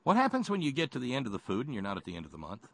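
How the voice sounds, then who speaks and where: Sardonic male radio host with halting delivery. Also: mid-range voice, wildly swooping pitch, creaky, fairly bright tone, dry recording. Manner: halting, sardonic, lots of restarts. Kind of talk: political talk radio chat.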